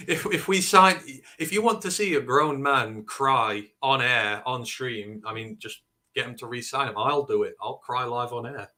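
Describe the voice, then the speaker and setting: A man from northern England with a Northern English accent, co-hosting a casual sports talk stream, animated and opinionated. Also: mid-range voice. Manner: animated, opinionated, quick asides. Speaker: co-host.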